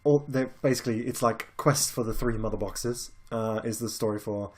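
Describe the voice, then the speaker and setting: A man's voice: medium pitch, moderate pace, darkish tone, a little hiss or hum. A British man casually chatting about films as a podcast co-host, laid-back and rambling, swearing now and then. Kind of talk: casual film chat.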